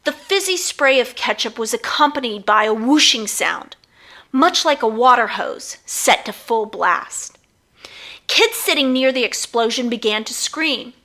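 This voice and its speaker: Bright, lively woman reading a story. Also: fairly high pitch, unhurried. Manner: expressive storytelling. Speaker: author reading her book. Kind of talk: audiobook narration.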